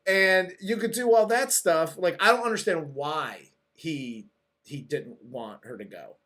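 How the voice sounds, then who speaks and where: A man's voice: fairly high pitch, measured pace, bright, forceful tone. A man co-hosting a casual movie review, recapping the plot in a loose, rambling way with restarts. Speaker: podcast co-host.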